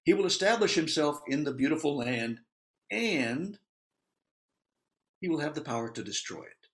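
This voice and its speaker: A man's voice: fairly high pitch, moderate pace. A man teaching through a Bible passage in a conversational way, with asides, laughs and acted-out quotes. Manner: animated, acts out quotes.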